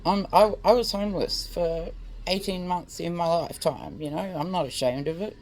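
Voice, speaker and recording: A woman's voice: fairly low pitch, normal speed, darkish tone, slight background noise. An Australian woman vlogging, ranting straight to camera in a blunt, heated way, swearing freely and filling her talk with "like" and "mate".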